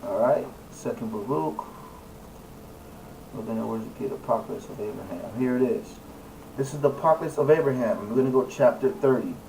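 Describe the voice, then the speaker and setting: A man's voice: mid-range voice, brisk, gravelly, mellow. A man leading a Bible study, reading verses aloud and then commenting on them emphatically, stressing and repeating key words. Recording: distant mic, faint background noise.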